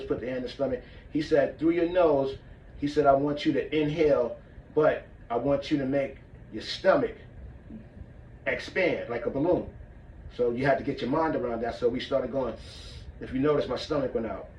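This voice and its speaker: A man's voice: medium pitch, a little mellow, a little hiss or hum. Echoey man demonstrating martial arts breathing. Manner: casual, demonstrates as he talks, checks in with "all right?". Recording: echoey room, mic far off, muffled.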